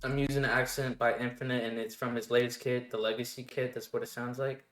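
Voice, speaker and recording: A man casually walking through his production steps one by one in a relaxed tutorial, with the odd filler word. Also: medium pitch, a little fast. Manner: relaxed step-by-step explaining with fillers. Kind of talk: casual screen-recorded tutorial. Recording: roomy echo. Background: faint music playing.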